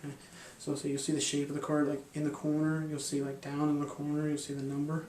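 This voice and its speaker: A man's voice: on the high side, completely flat delivery, fast, a little mellow, echoey room, distant mic, slight background noise. A man explaining a mind-reading card technique in a loose, rambling way, with lots of fillers and restarts. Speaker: magic and hypnosis instructor. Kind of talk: casual instructional explanation.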